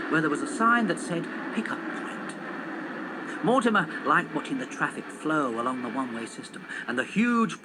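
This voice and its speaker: A man reading a children's story aloud on television in an animated, expressive way. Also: on the high side, background noise.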